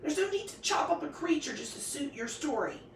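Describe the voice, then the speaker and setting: A woman's voice: high-pitched, fairly quick, far from the mic, slight background noise, voice pushed up. A woman doing a folksy plainspoken woodswoman. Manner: folksy, drawling, calm. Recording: echoey room, voice off-mic.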